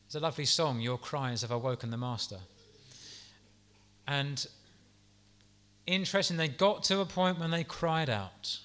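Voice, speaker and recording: A man preaching a sermon in an earnest, gentle, pastoral way, with soft asides and the odd restart. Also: fairly high pitch, normal speed, pauses often.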